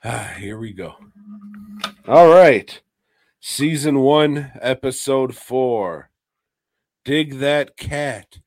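A man on a podcast jokingly and profanely recaps a horror episode. His voice sits low and he talks slowly, recorded dry and close. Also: darkish tone, dry recording. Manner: profane, jokey storytelling. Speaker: podcast co-host. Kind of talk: casual chat, retelling a horror episode.

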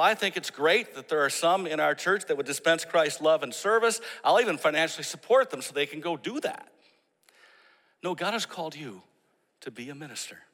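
A man preaching a sermon, telling a story and acting out the people in it with animated emphasis. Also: on the high side, big-room sound. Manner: storytelling, animated when quoting others. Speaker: pastor.

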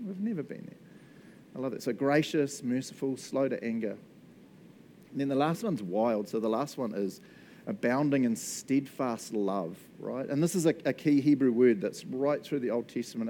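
Middle-aged Kiwi pastor, man, mid-pitched, animated storyteller in a sermon, faint rumble underneath. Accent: New Zealand. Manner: animated storytelling, laughs often.

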